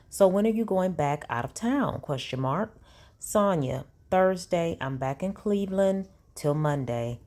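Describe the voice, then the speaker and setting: A woman's voice: deep voice, darkish tone. A woman reads text messages aloud and breaks in with sassy, incredulous asides as a commentary vlogger.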